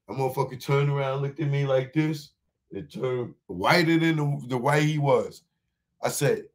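A man performing live stand-up, telling a long story in slang, with many restarts, and jumping into high shouted voices for the other people in it. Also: normal speed. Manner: repeats and restarts words, talks in slang. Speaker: stand-up comedian.

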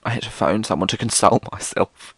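A man's voice: fairly low pitch, fairly quick, fairly bright tone, slightly rough, dry recording. A British man hosting a solo podcast, rambling casually and theatrically, swearing often. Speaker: podcast host.

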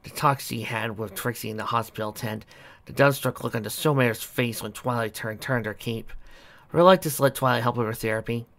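A man's voice: medium pitch, a little fast, a bit bright. A man reading fan fiction aloud steadily, with occasional playful asides.

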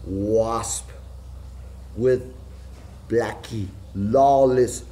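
A middle-aged man, talking in a rambling, profane monologue that jumps from loud outbursts to low mutters. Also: fairly even intonation, very slow, long pauses. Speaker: vlogger.

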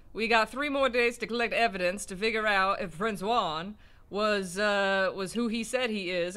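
High and sharp-toned, this man's voice carries a Southern US accent as he co-hosts a let's play. He comments casually on his game, rambling, teasing himself and laughing often.

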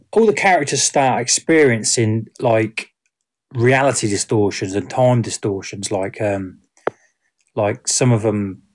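A man chats through a film review in a casual, unscripted way. He rambles, restarts sentences and leans on fillers as he goes. His voice sits at an ordinary middle pitch for a man.

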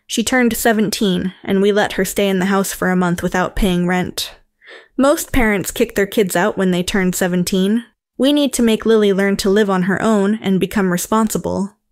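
A woman voicing a yelling, defensive stepmother in a narrated story. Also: mid-range voice, moderate pace, dry recording, clean studio sound, close to an everyday voice. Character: shrill angry middle-aged stepmother.

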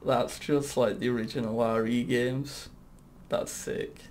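A young man giving casual, excitable gameplay commentary, swearing often and talking back to the game. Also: mid-range voice, measured pace, a little hiss or hum. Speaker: gaming YouTuber.

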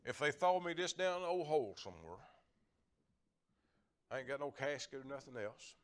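A man's voice: mid-range voice, big pitch swings, moderate pace. An older man delivers a homespun sermon from the pulpit. His speaking voice sits in an ordinary middle register. He stumbles over repeated words and lets out small chuckles as he preaches. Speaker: lay preacher. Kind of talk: folksy sermon.

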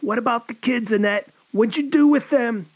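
A man's voice: extremely high pitch, animated, moderate pace, vocal fry, sharp tone, slightly rough, pitched above the performer's own voice, full character voice. A man voicing an enraged, murderous husband who taunts and snarls. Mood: menacing snarl. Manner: snarling, menacing.

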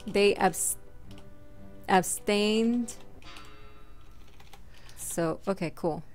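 A woman hosting a casual let's play, talking through each move out loud and breaking into giggles between remarks. Her voice sits at an ordinary middle pitch. Faint game music plays quietly underneath. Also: extremely slow. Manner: chatty, giggly, thinking out loud. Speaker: gaming channel host.

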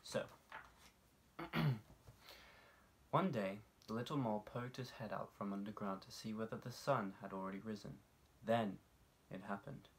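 A young man, a drama student, reading a children's story aloud in an expressive storytelling manner and relishing the sound-effect words. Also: fairly low pitch, moderate pace, long pauses. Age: young adult.

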